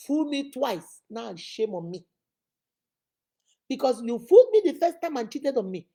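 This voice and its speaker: A woman with a Nigerian accent gives emphatic, somewhat preachy relationship advice to camera, mimicking the people she quotes with different voices. Her voice is high-pitched, mellow, and slightly breathy.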